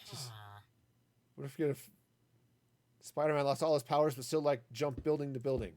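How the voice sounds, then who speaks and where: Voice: medium pitch, steady tone, fairly quick, darkish tone. A gaming streamer in their forties chatting casually while playing, rambling into asides and silly puns.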